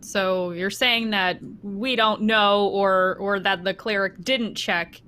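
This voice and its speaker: A woman's voice: medium pitch, fairly even intonation, slow, sharp tone, clean tone. A woman playing a tabletop game, asking pointed, skeptical questions. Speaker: player. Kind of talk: casual chat in a tabletop game.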